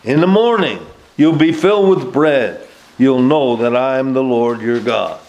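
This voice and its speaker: A man preaching a sermon and reading scripture aloud, speaking deliberately with frequent filler pauses. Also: medium pitch, a little mellow, dull audio.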